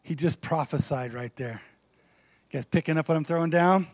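Male pastor, high voice, chatty sermon full of rhetorical questions. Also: moderate pace, dry recording, studio quality. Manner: conversational preaching, rhetorical questions to the congregation.

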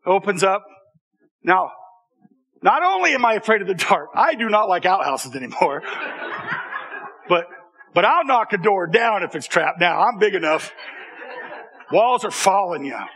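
High, bright-voiced man telling a story. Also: normal speed, long pauses, slightly rough. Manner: animated, conversational, with repeated restarts and audience asides. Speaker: speaker telling a personal story to an audience. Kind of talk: storytelling talk.

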